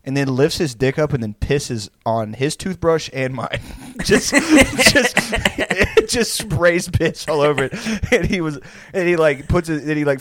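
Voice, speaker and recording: A man's voice: fairly high pitch, a bit bright, no room sound, clean studio sound. A man in his late twenties telling a rambling, profane story in casual chat and laughing through it. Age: 20s.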